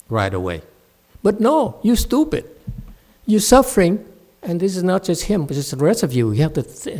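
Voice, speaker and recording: A man's voice: fairly high pitch, a little mellow. A man giving a Buddhist dharma talk at a temple, blunt and scolding, mocking his students' whining. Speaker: meditation teacher.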